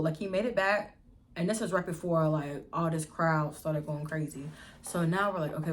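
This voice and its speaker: A young woman vlogger casually telling a storytime, animated and slangy, with plenty of swearing. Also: on the low side.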